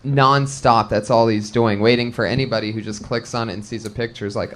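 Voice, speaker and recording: A man's voice: medium pitch, fairly even intonation, fairly quick, a bit bright. Brash man hosting a live comedy podcast. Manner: brash, profane, hypes the crowd. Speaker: podcast host. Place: comedy club stage with live audience.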